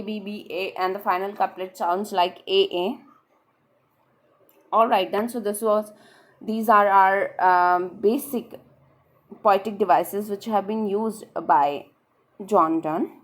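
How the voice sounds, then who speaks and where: A young woman with an Indian English accent giving an online literature lecture for exam preparation, explaining patiently and repeating key points. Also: medium pitch. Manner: explains patiently, repeats points, often says "all right then". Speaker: literature teacher.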